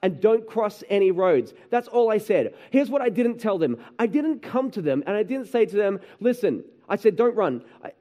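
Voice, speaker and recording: A man preaching a sermon, telling animated stories about his children and often asking the room "right?". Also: high-pitched, moderate pace. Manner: animated storytelling, acts out his kids and himself, frequent "right?". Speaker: pastor.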